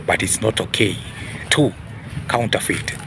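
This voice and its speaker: Slow and creaky, a man's lowish voice preaches through an opinion monologue as a video host, background noise audible. He often poses rhetorical questions, repeating "huh?" and "ladies and gentlemen."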